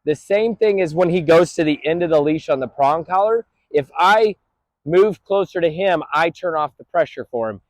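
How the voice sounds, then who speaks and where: A man's voice: on the high side, moderate pace, no room sound. Upbeat male dog trainer on a street. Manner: explains plainly, calls upbeat praise to a dog. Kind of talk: outdoor training talk to camera. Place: busy street outdoors.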